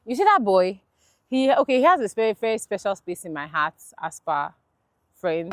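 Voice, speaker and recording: A young woman telling a camp story in an animated way, shifting between heated and apologetic. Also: mid-range voice, moderate pace, no room sound. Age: young adult. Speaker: platoon executive, interviewee. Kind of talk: casual storytelling.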